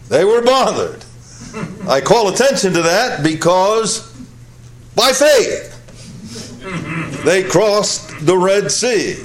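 A man preaching from the pulpit in an unhurried, deliberate cadence. His voice sits high for a man and rises to loud peaks, then sinks to hushed lows. He drives each point home through repetition. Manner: emphatic, repeats phrases for weight; dramatic swings between loud high peaks and low quiet drops. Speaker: pastor. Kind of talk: sermon.

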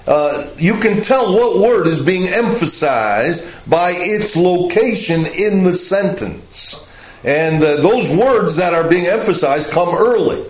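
A man teaching a Bible lesson as pastor, speaking slowly and deliberately with frequent "uh" fillers. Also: a little high, echoey room, low-quality recording.

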